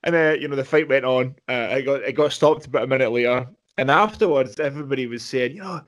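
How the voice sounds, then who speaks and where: Casting: man, mid-pitched, rambling podcast talker who chuckles often. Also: fairly quick, hardly any pauses. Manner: rambling with many fillers, laughing easily. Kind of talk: casual chat.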